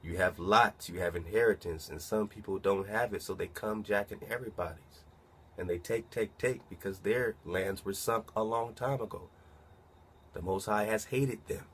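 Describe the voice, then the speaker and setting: A man's voice: lowish voice, a bit bright, slight background noise. A man reading a document aloud and commenting on it in a casual way, asking himself rhetorical questions as he goes. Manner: muses aloud, asks rhetorical questions, reads slowly then comments.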